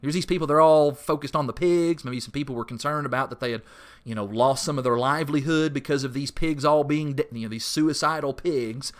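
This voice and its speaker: A man leading a church Bible study, teaching in a conversational way with many fillers and lively acted-out quotes. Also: a little fast. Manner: rises sharply in pitch when mimicking pleading voices.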